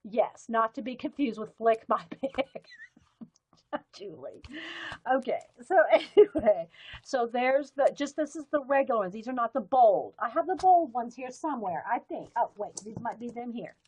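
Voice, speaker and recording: A rambling, chatty woman with a lilt and a fairly high voice, talking to her live-stream viewers from her desk at home. She laughs easily and picks up the camera mic's close, homey sound. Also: lively intonation, moderate pace, darkish tone, breathy edge. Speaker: livestream host.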